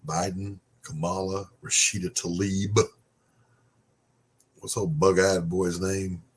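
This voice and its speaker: Deep and husky, a man hosts a podcast monologue of casual opinions, his rant blunt, sarcastic, and laced with swearing.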